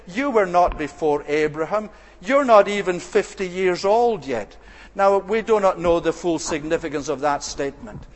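A man preaching an expository sermon, measured and earnest, slowing down to dwell on quoted scripture. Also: high-pitched, big-room sound.

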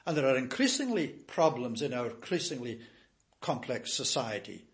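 A man's voice: medium pitch, big pitch swings, normal speed. An older man preaching a sermon in an earnest, emphatic way, repeating key phrases.

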